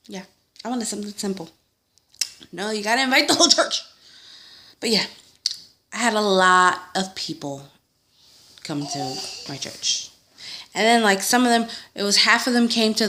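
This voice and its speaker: A woman's voice: on the low side, bright, forceful tone, a little hiss or hum. A young woman at home, chatting casually through a tag video, full of fillers and little laughs, acting out what people said. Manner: chatty, lots of fillers and laughs, acts out quotes. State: sick. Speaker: vlogger.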